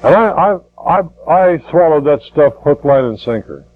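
A man's voice: fairly high pitch, expressive, moderate pace, phone-quality sound. An older man preaching a sermon in a folksy way, repeating words and rising to fervent emphasis.

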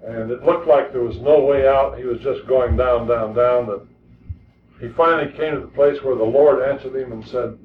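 A man's voice: medium pitch, steady tone, moderate pace, slight background noise. A man preaching a sermon in an earnest, emphatic way, often repeating words as he presses a point. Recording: distant, echoey, tinny lo-fi recording.

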